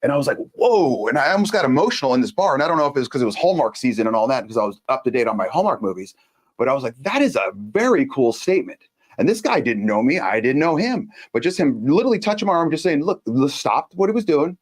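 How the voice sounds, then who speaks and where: A man's voice: medium pitch, big pitch swings, racing. A man hosting his own show, telling a story in a blunt, casual monologue and acting out the quotes. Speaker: show host.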